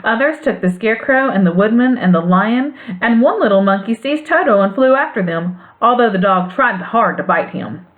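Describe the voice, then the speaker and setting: A woman narrating a classic storybook aloud in an expressive, lilting way. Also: fairly high pitch, moderate pace, few pauses. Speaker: audiobook reader. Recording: phone-like narrow band sound.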